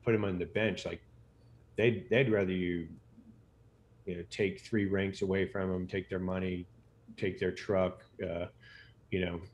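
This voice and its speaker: Very deep-voiced man telling stories. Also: flat delivery, measured pace, pauses often, a little hiss or hum. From United States. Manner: rambling, many fillers and restarts. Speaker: interview guest, physician. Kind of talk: casual storytelling interview.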